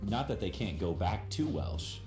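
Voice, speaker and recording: A man from Eastern Washington in relaxed casual chat. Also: sits low, normal speed. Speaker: co-host. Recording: roomy echo, faint music.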